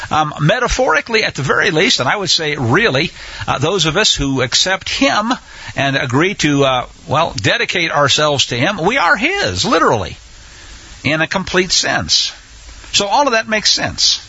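Husky, animated male radio Bible teacher. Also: on the high side, moderate pace, no room sound, muffled recording. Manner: impassioned, indignant preaching with asides.

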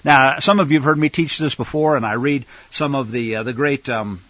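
A man teaching a sermon with scripture reading, animated and emphatic, swinging from loud stresses to quiet asides. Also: medium pitch, a little fast, dry recording, highs cut off. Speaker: Bible teacher.

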